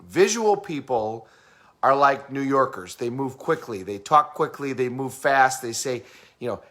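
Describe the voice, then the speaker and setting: A man in a casual teaching talk who explains communication styles, asks the listener questions and acts out fast and slow talkers. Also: mid-range voice, expressive, fairly bright tone.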